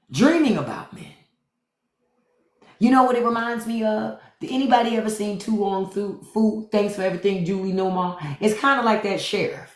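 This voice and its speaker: A woman's voice: medium pitch, reverberant. A woman host giving blunt, profane commentary to livestream viewers, repeating her points. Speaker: podcast host.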